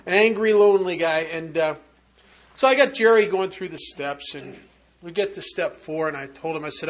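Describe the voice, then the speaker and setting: A man's voice: a little high, moderate pace. A man speaking at a recovery meeting, telling a humorous personal story in a conversational, wry way with frequent restarts.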